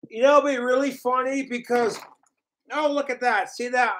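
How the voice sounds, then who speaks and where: A man's voice: very high-pitched, a bit bright, slight background noise, poor audio. A man livestreaming, ranting profanely and mockingly about his trolls and talking about himself in the third person. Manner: mimics his trolls in sneering voices.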